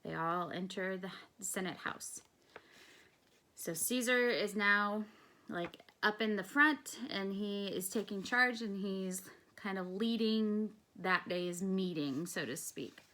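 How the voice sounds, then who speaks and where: A teacher reads through a play and stops to explain the story in plain, casual words. Her voice sits at an ordinary middle pitch, and she talks the way she would to a class. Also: slow, sharp tone.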